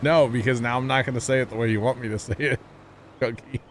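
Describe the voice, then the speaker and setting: A man's voice: medium pitch, steady tone, fairly quick, slight background noise. A man chatting casually with his viewers while streaming a game, talkative and self-teasing, laughing often.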